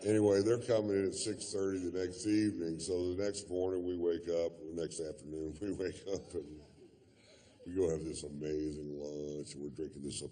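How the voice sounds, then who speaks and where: A man's voice: deep voice, little pitch movement, moderate pace, dark tone. A man doing stand-up comedy, telling a long story in a laid-back, profane drawl full of fillers.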